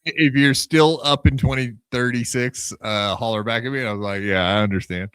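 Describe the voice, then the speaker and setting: Bright-voiced, dismissive male podcaster. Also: medium pitch, steady tone, fairly quick, clear, resonant tone, no room sound. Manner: dismissive, sarcastic, swearing. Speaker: podcast co-host. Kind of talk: casual podcast chat.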